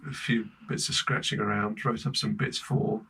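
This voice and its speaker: A man with an English accent, a podcast guest telling travel stories in lively casual chat, laughing often. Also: fairly low pitch, normal speed, gravelly, breathy edge. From Britain. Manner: animated storyteller, laughing often.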